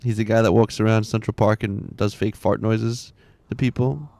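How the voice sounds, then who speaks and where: A man's voice: fairly low pitch, steady tone, moderate pace, gravelly, a little mellow, no echo. A man in his thirties chatting casually while streaming a game, rambling, laughing often and muttering to himself.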